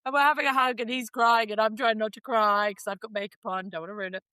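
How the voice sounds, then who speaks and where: A woman co-hosting a podcast, telling stories in an animated, teasing way during casual chat. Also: fairly high pitch, fast, smooth, dry recording. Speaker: podcast co-host.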